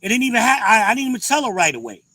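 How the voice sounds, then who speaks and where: A man's voice: very high voice, very animated, very fast, pushed and bright, dry recording, low-quality recording. A man hosting a show, giving a blunt, profane commentary with emphatic inflections. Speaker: podcast host. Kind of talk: ranting commentary.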